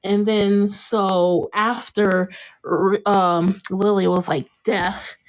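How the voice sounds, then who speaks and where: Animated woman podcast host recapping a show. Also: drawn-out words. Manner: animated, acts out quotes in a jumped-up pitch, laughs often. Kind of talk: casual chat recapping a TV episode.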